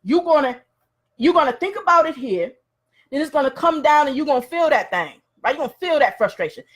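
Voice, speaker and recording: High-voiced casual woman coach. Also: expressive, a little fast. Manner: casual, colloquial, storytelling. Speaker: life and business coach. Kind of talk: motivational mindset talk.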